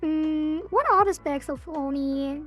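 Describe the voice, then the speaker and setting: Casting: high-pitched woman dev streamer, casual and hedging, voice a little cracked, faint music underneath. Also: takes it slowly, highs cut off. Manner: thinks aloud, hedging, frequent laughs. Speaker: game developer streamer. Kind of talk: casual live-stream chat.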